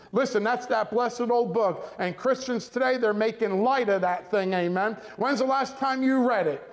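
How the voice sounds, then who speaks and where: Male pastor, very high pitch, emphatic sermon delivery that calls for amens. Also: normal speed, hardly any pauses. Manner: emphatic preaching, keeps asking the congregation "amen?".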